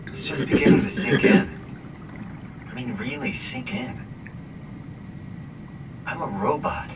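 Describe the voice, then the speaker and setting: A troubled man in a video game talks softly and uneasily, his pitch rising and falling widely. His voice sounds distant, buried under loud background noise. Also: wildly swooping pitch, takes it slowly, heavily acted. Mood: uneasy. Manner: uneasy, soft-spoken. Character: troubled man facing being a robot. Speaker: game character.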